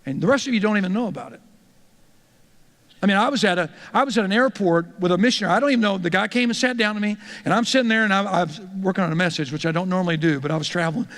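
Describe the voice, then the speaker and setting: A man's voice: sits high, very fast, a bit bright, big-room sound. A male pastor teaching church leaders in a conversational, storytelling way, often repeating words as he starts a thought.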